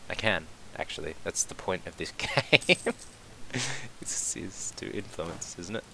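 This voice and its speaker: Let's-play commentator: man, bright, excitable, casually profane, thinks aloud. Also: low-pitched, a little slow, vocal fry, a little hiss or hum. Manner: swears casually. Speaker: gameplay commentator.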